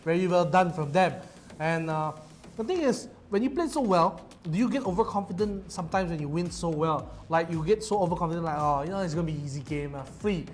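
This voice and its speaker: A man, an esports caster giving excitable, teasing commentary and banter. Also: a little high, brisk, slight background noise. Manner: excitable, teasing, laughs often. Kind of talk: live game commentary and banter. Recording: faint music behind.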